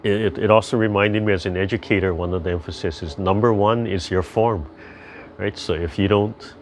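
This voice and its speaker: An older man leading a tai chi class over a video call, chatty and gentle as he rambles through stories and calm instructions. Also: lowish voice, normal speed, slight background noise.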